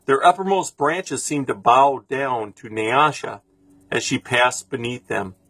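Husky man reading a storybook aloud. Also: mid-range voice, measured pace, pushed and bright, dry recording. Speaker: reader.

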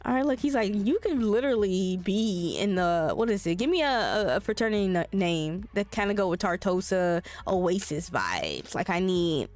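A woman's voice: medium pitch, moderate pace, hardly any pauses, soft background music. A woman hosting a let's play, giving casual, swear-filled commentary and chatting with her game characters. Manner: animated, swearing, voices the characters.

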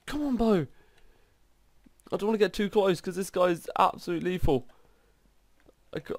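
A man commenting on his video game play in an excitable, exclaiming way. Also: sits high, no room sound, studio quality. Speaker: gaming channel host. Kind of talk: gameplay commentary.

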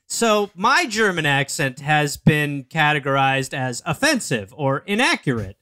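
A man co-hosting a comedic advice podcast, teasing and joking in quick banter. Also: on the high side, big pitch swings, pushed and bright. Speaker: co-host.

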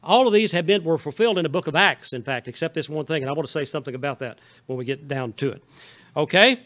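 A man's voice: a little high, quick pace, fairly bright tone. A male pastor from Southeast Missouri with a Southern Missouri accent, preaching a folksy, conversational sermon and often checking in with the congregation. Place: church sanctuary.

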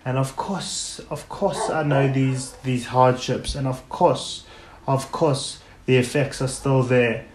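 Slow-talking man in an echoey room. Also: mid-range voice, fairly even intonation, a little hiss or hum. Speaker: podcast host. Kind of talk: casual podcast talk.

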